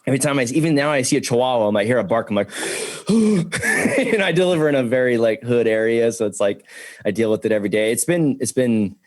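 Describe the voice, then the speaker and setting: Swearing, excitable young man telling stories. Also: mid-range voice, fast, dry recording. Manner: excitable, swears a lot, acts out voices in his stories. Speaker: podcast guest. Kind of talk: casual podcast storytelling.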